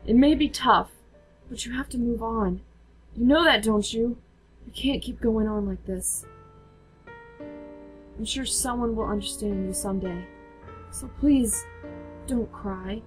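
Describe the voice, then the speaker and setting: A woman reading the lines of a weary young man in a horror game, in a soft, low, subdued voice. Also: unhurried, pauses often, faint music behind, natural voice. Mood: gentle. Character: weary young man comforting a grieving girl.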